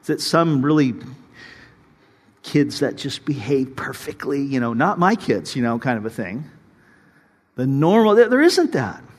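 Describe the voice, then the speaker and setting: A middle-aged male pastor preaching a conversational sermon, full of asides and rising to loud high points. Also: very animated, measured pace, pauses often, big-room sound.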